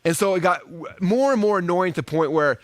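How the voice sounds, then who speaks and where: A man teaching online marketing to a live group, acting out quoted voices in a high excited pitch. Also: brisk, no echo, studio quality. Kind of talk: energetic teaching talk.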